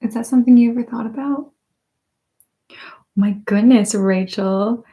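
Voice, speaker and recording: A woman hosting an ASMR live stream on binaural microphones, reading viewer comments aloud in a soft-spoken way while stifling giggles. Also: fairly high pitch, a little fast, highs cut off. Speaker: ASMR channel host.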